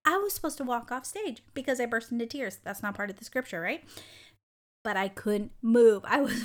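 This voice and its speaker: A woman hosts her own podcast and tells a personal story in an animated, bubbly manner, often breaking into laughter. Her voice sits a little high, and she keeps a warm, chatty storytelling flow throughout. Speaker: podcast host. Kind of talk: casual storytelling monologue.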